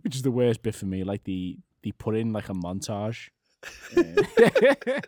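A man's voice: on the low side, huge pitch swings, unhurried, darkish tone, dry recording, studio quality. A man co-hosting a podcast in casual chat, rambling and laughing often as he trails off mid-sentence. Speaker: podcast co-host.

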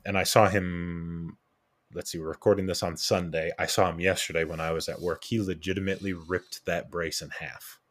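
Young adult male podcast co-host, low register, casual storyteller who acts out the people he quotes. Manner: animated anecdote-telling with quoted voices and restarts.

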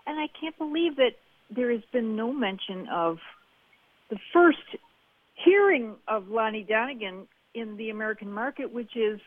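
A woman leaving an enthusiastic voicemail for a radio music show, talking a little haltingly. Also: on the high side, animated, no room sound. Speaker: caller. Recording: dull dry phone message.

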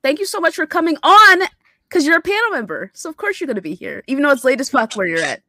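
A woman's voice: sits high, sing-song, fast talker, sharp tone, no echo. A woman hosting a casual podcast, laughing and swearing loosely as she talks. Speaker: podcast host. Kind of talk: casual chat.

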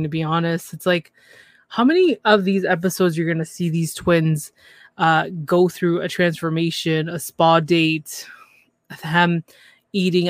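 A podcast co-host runs through a reality TV episode in a loose, gossipy way, chatty and quick to mimic people. The recording is dry and close, with no room sound. The voice sits at an ordinary middle pitch. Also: no room sound. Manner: chatty, lively, mimics cast members mockingly. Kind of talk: casual reality TV recap.

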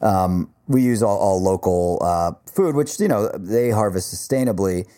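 A man's voice: lowish voice, moderate pace. A man co-hosting a podcast, telling stories casually with lots of swearing and slang. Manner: profane, animated storyteller. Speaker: podcast co-host. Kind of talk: casual chat.

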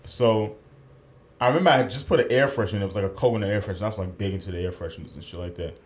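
A man's voice: lowish voice, very fast. A man co-hosting a podcast, telling a story in casual chat, acting out the quotes and swearing freely, at a studio mic. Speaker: podcast co-host.

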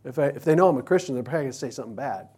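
A man's voice: medium pitch, expressive, very fast, darkish tone, husky. A man preaching a conversational sermon as pastor, teaching from scripture and playfully acting out everyday examples. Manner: casual, illustrates with playful acted-out examples.

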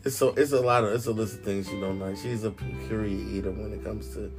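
A man's voice: lowish voice, fast, music in the background. A man in casual chat, swearing and laughing as he acts out quotes from a story. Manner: profane, laughing, animated retelling with voiced quotes.

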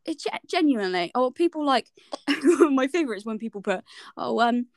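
A woman's voice: high voice, expressive, fairly quick, dry recording. A young woman with a West Country accent, co-hosting a casual podcast chat, swearing freely and acting out people she quotes. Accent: West Country English. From West Country, England. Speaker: podcast co-host.

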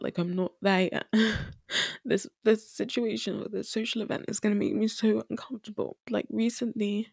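A woman's voice: mid-range voice, level tone, moderate pace, creaky, a little mellow, slightly rough, no echo. Young female podcast host, earnest and teary, dry close sound. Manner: earnest, emotional, repeats herself for emphasis. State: tearful at times. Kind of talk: candid solo podcast talk.

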